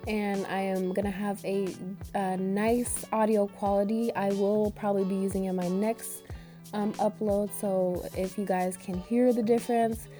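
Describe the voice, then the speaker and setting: A young woman beauty vlogger narrates a makeup tutorial in a chatty, upbeat way, calling her viewers "beauties" and "girl." She's getting over an illness, so her mid-range, mellow voice is a bit harsh; her pitch barely moves and her pace is measured. Soft music plays in the background.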